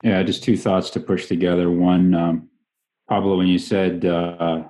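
Deep man, very flat and measured. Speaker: participant in a prayer call.

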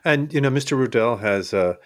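A man interviewing an opera singer, measured and appreciative in his questions. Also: medium pitch, animated, no room sound, clean studio sound. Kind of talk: conversational interview.

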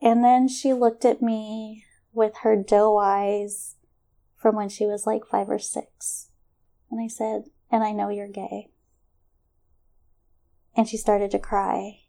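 A middle-aged woman telling a personal story in conversation, animated and acting out the voices of others, often laughing. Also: medium pitch, takes it slowly, gravelly. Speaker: guest.

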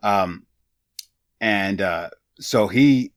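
Low, dry-sounding man, halting podcast co-host. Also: no room sound. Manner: halting, with frequent "uh" and "um". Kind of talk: casual chat summarizing game material.

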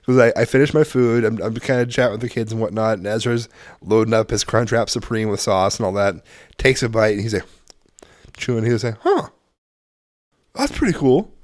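Co-host, male, 30s-40s, animated profane storyteller, dry mic. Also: fairly low pitch, a little fast, dry recording. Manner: profane, animated, laughing through anecdotes. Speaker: podcast co-host, father. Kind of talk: casual storytelling chat.

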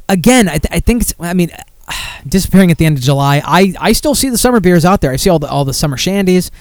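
A man hosting a podcast, rambling and talking bluntly with plenty of swearing in a slightly high voice. The sound is close and dry, with no room echo. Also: lively intonation, a little fast, darkish tone. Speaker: podcast host. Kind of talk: casual chat.

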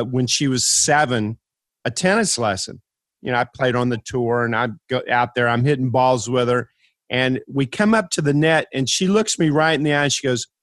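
A man hosting a podcast interview, telling stories in an emphatic, animated way. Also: medium pitch, dry recording. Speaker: podcast host. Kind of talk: conversational interview.

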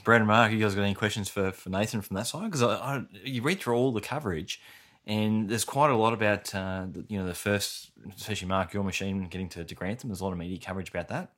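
Male interview host, low pitch, fast pace, casual rambling questions. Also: a bit bright. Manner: quick, loosely phrased questions.

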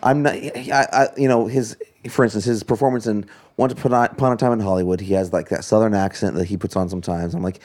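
Low-voiced opinionated man. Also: steady tone, fast talker, few pauses, darkish tone. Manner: offhand, opinionated. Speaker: podcast co-host. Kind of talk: casual movie chat.

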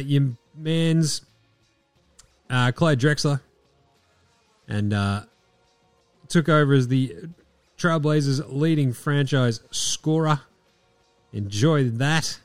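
A man's voice: a little high, clear, resonant tone, dry recording. An Australian man hosting a podcast, talking in a laid-back, jokey way with plenty of swearing. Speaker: podcast host. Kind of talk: casual chat.

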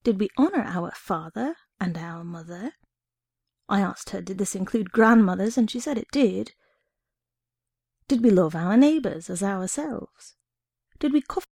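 A woman reading a short story aloud in an expressive first-person narration. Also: medium pitch, creaky, no echo, studio quality.

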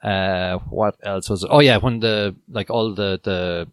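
A man's voice: lowish voice, measured pace, smooth, no echo, studio quality. A man co-hosting a podcast, chatting casually and acting out lines with lots of laughter. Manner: animated, laughs a lot, acts out quotes. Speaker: podcast co-host. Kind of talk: casual chat on a video call.

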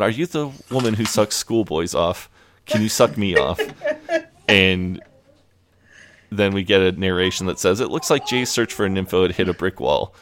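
A podcast co-host with a deep, slightly bright voice recaps a show in casual chat. He retells scenes by quoting lines and laughs often.

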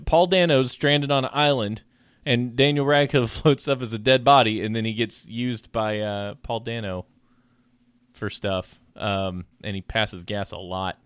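Podcast co-host, young man, rambling jokey storyteller, mid pitch, dead-dry close mic. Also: steady tone, unhurried, a bit bright, smooth, no echo. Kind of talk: casual chat.

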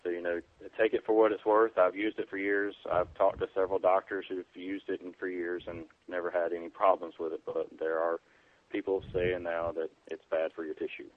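Low voiced emt guy calling in, phone line sound, laid back and chatty. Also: flat delivery, a little fast, no room sound. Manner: easygoing, explains plainly with many fillers. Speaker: EMT guest on a preparedness podcast. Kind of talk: casual interview.

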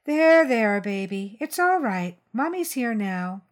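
A woman voicing a protective mother of young boys, gentle with her children and firm with a grown man. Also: a little high, very animated, takes it slowly, voice pushed up. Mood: soothing. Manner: soothing, then cold and commanding.

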